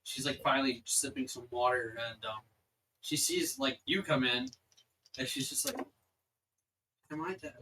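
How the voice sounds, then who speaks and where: A man's voice: medium pitch, lively intonation, normal speed, bright, forceful tone, distant mic, slight background noise, poor audio. A man narrating as game master in a tabletop game, loose and chatty, with many fillers.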